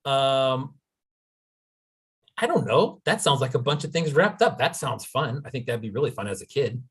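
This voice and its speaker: A man's voice: medium pitch, expressive, moderate pace, a bit bright, slightly rough. A middle-aged man from the United States hosting a podcast in a laid-back, casual way, often saying dude and man. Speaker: podcast host. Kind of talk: casual chat.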